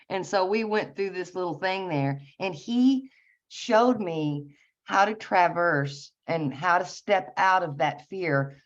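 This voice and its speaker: A woman with a low, deep voice tells a personal story in a relaxed, halting way, breaking into small laughs and starting her sentences over. The sound is dull and lo-fi. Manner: laughs often, halting with restarts. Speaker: guest sharing a personal story. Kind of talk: casual storytelling.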